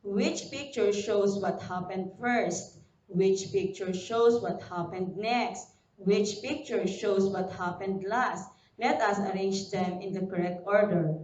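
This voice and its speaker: Filipino woman teacher, unhurried and clear, voice a bit distant in a roomy space with dull sound. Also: mid-range voice, a little mellow. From Philippines. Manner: slow, deliberate classroom delivery, spelling words letter by letter. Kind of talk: recorded online lesson for young pupils.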